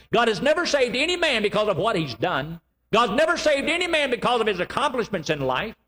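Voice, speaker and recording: A man preaching a sermon, emphatic and repetitive, with sudden loud rises and slow, drawn-out lines. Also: high voice, big-room sound.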